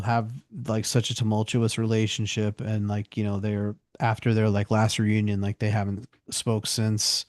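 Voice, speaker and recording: A man's voice: mid-range voice, smooth, no echo, clean studio sound. A man co-hosting a podcast who rambles casually, filling his talk with "like" and "you know". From United States. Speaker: podcast co-host. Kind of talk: casual chat.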